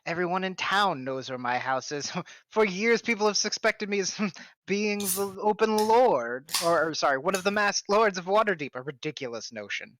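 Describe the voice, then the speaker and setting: A man's voice: sits high, animated, normal speed, fairly bright tone, no room sound, pitched above the performer's own voice. A man voicing a pompous, fussy aristocrat patron in a tabletop game. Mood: haughty. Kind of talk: tabletop role-play voicing.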